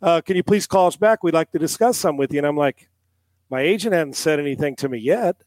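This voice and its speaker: Ex-quarterback guest, middle-aged man, tells stories with swearing and voiced quotes, high and dry. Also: fast talker, dry recording. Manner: animated storyteller, acts out quotes, swears casually. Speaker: guest, former NFL quarterback and analyst. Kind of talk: casual storytelling on a podcast.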